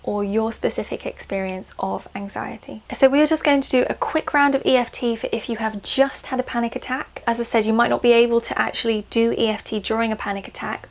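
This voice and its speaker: A woman, a tapping coach, guiding listeners through calm, repeated affirmations. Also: on the high side, gravelly, low-quality recording. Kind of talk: guided tapping instruction.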